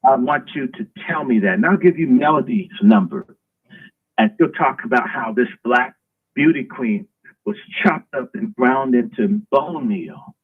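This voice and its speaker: A man's voice: medium pitch, breathy edge. A man hosting a live stream, delivering an emphatic, preachy, provocative monologue. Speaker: host. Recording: tinny phone-like line.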